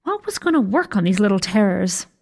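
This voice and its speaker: A woman reading a first-person story aloud, her pitch sitting in the middle of the range. She delivers it in a wry, dryly amused way. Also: very animated, fairly quick, vocal fry, darkish tone. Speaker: story narrator. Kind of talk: scripted narration.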